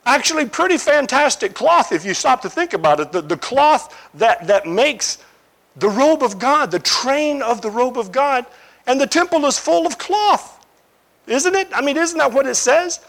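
A man preaches a sermon, turning a scripture scene into an animated story and adding imaginative asides to his listeners. His voice is extremely high-pitched with vocal fry, at a moderate pace.

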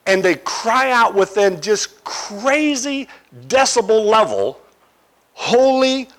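Male preacher, sermon, animated storytelling, high voice, swooping lively intonation. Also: takes it slowly. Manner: animated storytelling, imaginative asides.

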